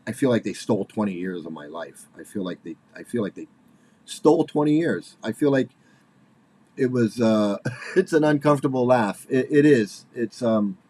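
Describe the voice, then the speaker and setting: A man in his forties giving casual spoken commentary, halting and repeating himself, with nervous laughs, worked up and angry. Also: on the low side, animated, dark tone. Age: 40s.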